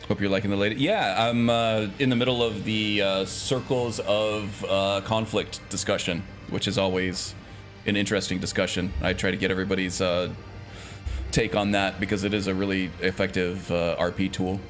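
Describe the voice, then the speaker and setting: A man with a fairly low voice talks through his gameplay on stream in a loose, rambling way, full of fillers and quick chuckles. Faint music sits quietly underneath his voice. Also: flat delivery. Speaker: game streamer. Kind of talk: casual gameplay chat.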